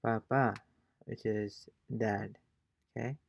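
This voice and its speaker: A man's voice: lowish voice, fairly even intonation, slow pace, creaky, darkish tone, no room sound, muffled recording. A man teaching a casual language lesson as a fellow learner, hesitant and thinking aloud with many fillers. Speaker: self-taught Spanish learner teaching a lesson.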